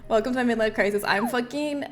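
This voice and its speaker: Bubbly high-voiced woman streamer. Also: quick pace. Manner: bubbly and chatty, laughs often, reads chat aloud. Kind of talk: casual chat with a live chat.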